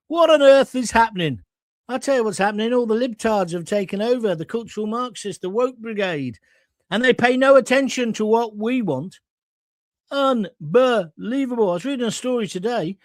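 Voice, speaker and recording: A man's voice: high-pitched, animated, normal speed, no echo. Blunt, sardonic male host. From England. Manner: blunt, sardonic, rambling asides. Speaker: host of a live political chat show. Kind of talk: live-stream chat reading viewer comments.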